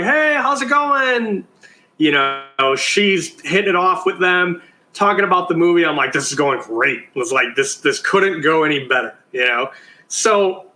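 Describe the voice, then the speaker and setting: Bright animated man telling a story. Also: on the high side, poor audio. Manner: animated storyteller, acts out quotes; casual, many fillers like "like". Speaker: TV producer, interview guest. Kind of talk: anecdotal interview storytelling.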